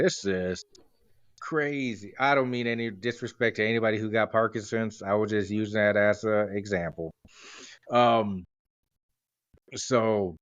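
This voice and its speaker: Rambling, jokey anecdotes come from this forty-something podcast host, whose fairly low voice has a slightly bright quality. The recording, with no room sound, is dry, dull, and lo-fi.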